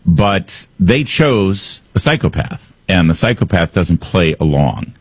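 A man's voice: low voice, sing-song, slow pace, husky, dry recording. A male talk radio host giving opinionated political commentary in a sarcastic, combative way.

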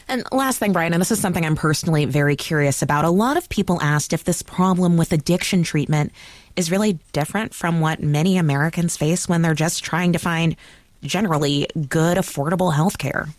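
A woman hosting a radio news program, questioning and thanking a reporter in a crisp, conversational way. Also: deep voice, brisk, dry recording. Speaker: news show host. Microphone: studio mic.

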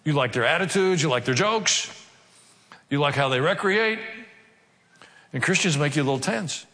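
A man preaching from scripture in a fairly high voice, slipping into wry jokes and quick put-on voices between verses. His words ring out with a long reverb through a large church hall. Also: lively intonation, bright, forceful tone. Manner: humorous asides with mock voices. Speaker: pastor. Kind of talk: sermon.

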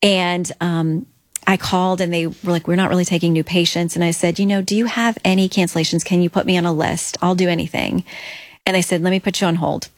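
Middle-aged woman, low gravelly voice, earnest faith story, dry close sound. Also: fairly even intonation, a little fast, no room sound. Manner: earnest storytelling, reenacts her own prayers and quotes. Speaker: interview guest. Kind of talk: personal testimony in a faith interview.

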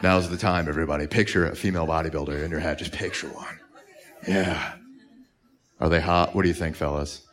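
This comic has a bass voice with a steady tone and a slightly bright edge, talking a little fast through a crude club set. Holding a handheld mic in front of a live audience, he's brash and given to sudden yelps. The room is noisy on this live recording.

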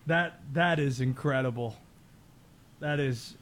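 A man hosting a sports talk show, chatty and excitable, laughing easily. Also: medium pitch, unhurried. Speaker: sports radio host.

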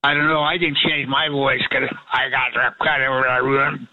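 A man's voice: medium pitch, flat delivery, moderate pace, phone-quality sound. Chatty 82-year-old man on the phone. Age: 80s. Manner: effusive, rambling and friendly. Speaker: caller. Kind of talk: phone-in chat. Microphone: phone line.

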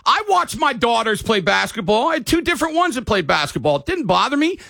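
Fired-up, raspy-voiced sports radio host, a man. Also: very high-pitched, sing-song, a little fast, pushed and bright, no echo, studio quality. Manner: fired-up, ranting, apologetic asides. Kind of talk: call-in sports talk radio.

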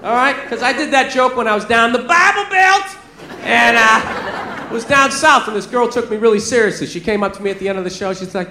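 A man's voice: very high voice, animated, a little fast, sharp tone. A man doing a stand-up comedy set on a club stage, telling his stories in a blunt, conversational way. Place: comedy club stage before a laughing crowd. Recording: echoey, noisy live club recording.

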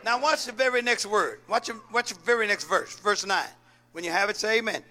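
Preaching in a call-and-response style, a pastor with a high-sitting, pushed and bright voice moves fairly quickly. He throws questions out for the congregation to answer back and returns again and again to key lines.

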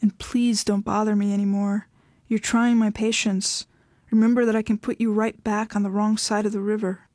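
A woman voicing an estranged wife who speaks firmly, flatly and with worn patience. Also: mid-range voice, moderate pace, no echo, clean studio sound, close to an everyday voice. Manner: firm, flat, impatient.

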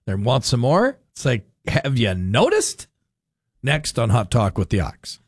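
A man's voice: mid-range voice, huge pitch swings, measured pace, breathy edge, no room sound, studio quality. A man hosting a political talk radio show, opinionated and sarcastic, with lots of fillers. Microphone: studio microphone.

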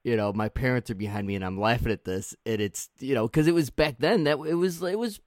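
Brief: relaxed male podcast host, mid-pitch, chuckles a lot, dry close mic. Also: brisk, dry recording. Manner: easygoing, laughs often, trails off mid-sentence. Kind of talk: casual chat.

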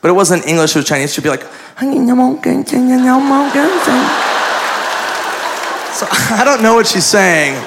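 A man doing stand-up with a high, gravelly voice. He tells a crude, self-mocking story in an animated way. Crowd murmur and background noise from the live club sit under him. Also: fast, few pauses. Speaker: stand-up comedian.

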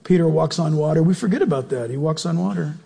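Husky, high-voiced man preaching a sermon. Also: fast talker, big-room sound. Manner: animated, playful, directly questions the congregation. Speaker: pastor.

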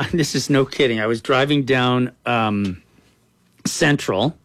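A man's voice: mid-range voice, slow pace, fairly bright tone, dry recording. A man as a political guest, answering in a frank, earnest conversational way and often saying "you know".

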